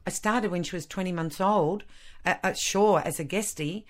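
A woman in her fifties with an Australian accent, an actress telling lively stories in a radio interview, laughing often. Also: lowish voice, moderate pace. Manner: animated, laughs often, acts out quotes. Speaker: actress, guest.

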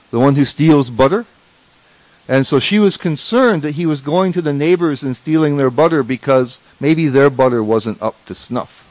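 A man's voice: medium pitch, a little mellow, no echo, low-quality recording. Guy giving a scripture class, chatty, keeps restarting and asking right? hmm?, dry sound. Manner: conversational, with rhetorical check-ins and restarts.

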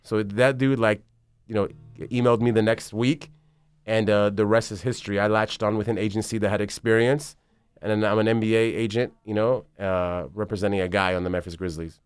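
A basketball agent in his thirties rambles through his story in a casual interview, swearing plenty and telling it with animation. His lowish voice is brisk, clear and resonant, captured in a dry recording.

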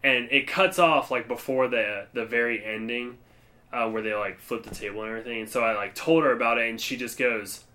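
A man's voice: mid-range voice, steady tone, fairly quick, pushed and bright. Rambling young man in casual chat. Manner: rambling, filler-heavy, laughs often. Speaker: podcast co-host.

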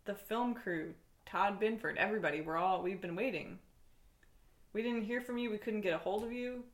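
A woman improvising comedy, talking fast and flustered with many restarts. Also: mid-range voice, roomy sound.

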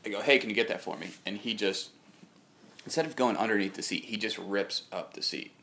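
Young male co-host, deep voice with a bright edge, rambling storyteller. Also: a little fast, gravelly. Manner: rambling anecdotal storyteller, quoting others in his own voice. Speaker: podcast co-host. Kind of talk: casual storytelling chat.

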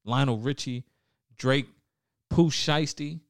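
A man's voice: medium pitch, slow, dry recording, clean studio sound. A young man hosting a casual podcast, talking loosely with lots of swearing, trailing off and restarting. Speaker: podcast host.

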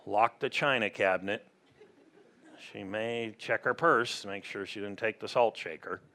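A man preaching, voicing an imagined God who fusses quietly over a dodgy guest in a mock-grumbling tone. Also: lowish voice, unhurried, voice pushed down.

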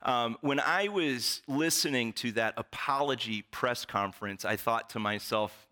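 Pastor, male, unhurried sermon delivery with a bright, clear tone and dry wit. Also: mid-range voice, lively intonation. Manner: storytelling with wry humor. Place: church.

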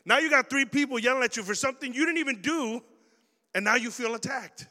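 Male preacher, high and animated, acts out scenes for a young crowd; hall echo. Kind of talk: sermon to young people.

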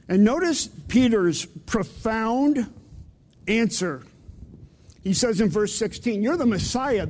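A man's voice: sits high, a little mellow, long reverb tail, slight background noise. A man preaching a sermon to his congregation in a conversational way, putting questions to his listeners. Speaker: pastor. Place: church sanctuary.

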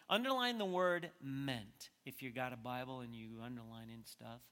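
A man preaching a sermon as pastor. He talks conversationally and swings from quiet stretches to emphatic peaks. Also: medium pitch, normal speed, hardly any pauses. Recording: long hall reverb.

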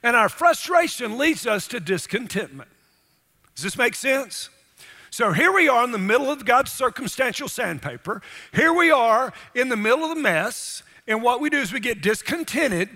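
Man, pastor, emphatic sermon, high voice, long hall reverb. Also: bright, forceful tone. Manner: emphatic preaching with frequent rhetorical questions.

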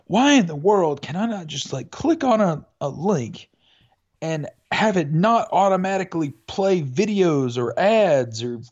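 Man, podcast co-host, rambling casual storyteller, higher-pitched voice, dull lo-fi sound. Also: sing-song, measured pace, darkish tone. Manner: rambling storyteller, many fillers and restarts. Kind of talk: casual chat. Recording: dull lo-fi audio.

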